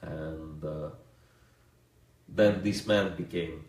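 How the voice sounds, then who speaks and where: Deep-voiced man telling a story in a roomy hall. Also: drawn-out words, far from the mic. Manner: relaxed anecdotal storytelling with fillers and chuckles. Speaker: monk giving a talk. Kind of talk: storytelling lecture.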